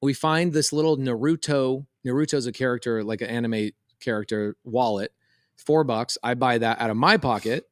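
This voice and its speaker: A man in his thirties hosts a relaxed podcast chat, with a middle-pitched voice. He tells a story in lively bursts and acts out each person's lines. The sound is close and dry, with no room around it. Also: moderate pace, no echo. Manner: animated, quotes voices in a story. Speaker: podcast co-host.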